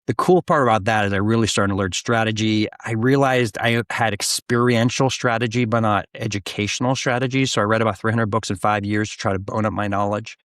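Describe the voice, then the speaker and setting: A middle-aged man telling his career story as a guest in a casual interview, animated and full of restarts. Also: lowish voice, fairly quick, hardly any pauses, no room sound, clean studio sound. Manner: animated, restarts often, acts out quoted voices. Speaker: guest, business founder.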